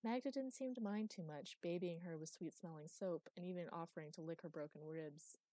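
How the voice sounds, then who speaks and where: A woman narrates an audiobook in a steady, wry storytelling voice. Her voice sits low, with a mellow, warm tone. The recording is close and dry. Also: brisk, no room sound. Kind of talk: scripted narration.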